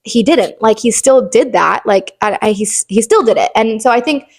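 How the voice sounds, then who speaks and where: A woman's voice: fairly high pitch, moderate pace. A young woman hosting a faith podcast, talking earnestly in a rambling way with lots of filler words. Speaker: podcast host. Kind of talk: casual faith podcast chat.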